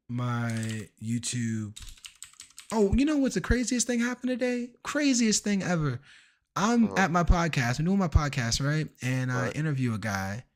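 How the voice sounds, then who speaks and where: A man streaming a game, chatting casually and acting out the people in his stories in an animated way. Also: medium pitch, slight background noise. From Washington, DC area. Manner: animated, acts out quoted people. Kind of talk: casual storytelling while gaming.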